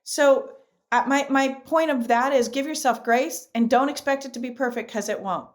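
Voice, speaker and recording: Emphatic middle-aged woman, slightly high voice. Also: normal speed. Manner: emphatic, repeats key phrases; animated storyteller. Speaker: guest. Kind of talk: podcast interview.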